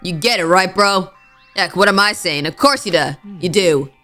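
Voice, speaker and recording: A woman's voice: fairly low pitch, moderate pace, bright, forceful tone, faint music behind, voice pushed down. A woman voicing a brash young biker in a video game, drawling his lines with swagger. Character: tough brash biker guy, young man.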